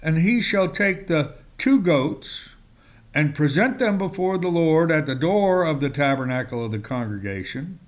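In a slow, emphatic sermon, a male preacher with lively intonation reads scripture in archaic language, his pitch jumping up suddenly at points.

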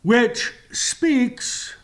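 A man hosting a Bible teaching show, speaking in a measured, emphatic way with long pauses and fillers. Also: extremely high pitch. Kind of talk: slow, deliberate Bible teaching.

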